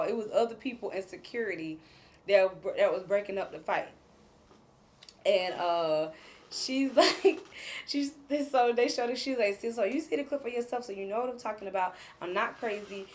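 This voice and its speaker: A woman hosting a casual recap of a reality show, retelling scenes in a chatty, gossipy way with plenty of fillers. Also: mid-range voice. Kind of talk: casual episode recap commentary.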